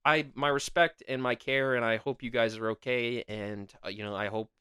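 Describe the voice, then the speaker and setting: A man's voice: mid-range voice, fairly even intonation, normal speed, pushed and bright, clean tone, no echo, clean studio sound. A man co-hosting a casual podcast chat, arguing his point with his voice jumping up whenever he protests. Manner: argumentative, voice jumps up when protesting. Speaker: podcast co-host.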